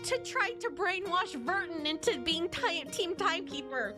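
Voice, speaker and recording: Young female streamer, high bright voice, reads game text and rants with feeling over soft music. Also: expressive, normal speed, hardly any pauses. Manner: emotional, exclaiming and ranting. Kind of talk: reading game text aloud and reacting.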